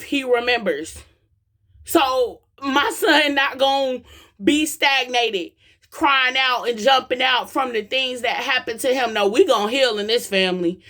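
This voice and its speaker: A woman's voice: a little high, pushed and bright. A young woman from the American South giving an impassioned, slangy personal testimony as a vlogger, preaching directly to her viewers. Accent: Southern US, Atlanta.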